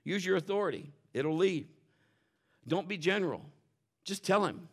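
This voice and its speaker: A man's voice: high-pitched, normal speed, long pauses. A male pastor preaching a sermon to a congregation in church, telling stories and often repeating words as he restarts. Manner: animated preaching with storytelling asides. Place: church service before a congregation.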